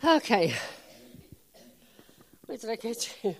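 Older woman preacher, animated storyteller, bright high voice with wide swings. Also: slow. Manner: animated, laughing often, acting out dialogue. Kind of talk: sermon with humorous personal stories.

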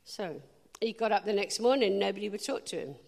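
A woman preacher giving a sermon, telling lively stories and speaking directly to the congregation. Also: medium pitch, vocal fry, big-room sound. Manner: lively storytelling, quick asides to the audience. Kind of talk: sermon with anecdotes.

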